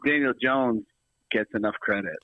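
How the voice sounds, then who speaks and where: A man's voice: medium pitch, moderate pace, no echo, narrow, tinny audio. A man co-hosting a casual sports talk show, teasing and needling the others. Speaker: podcast co-host.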